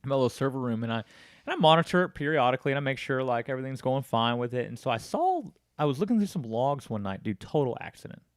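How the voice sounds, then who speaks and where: A man hosting a casual chat, telling stories with lively acted-out dialogue. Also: mid-range voice, fast talker, dry recording, clean studio sound. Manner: animated storyteller acting out both sides of phone calls.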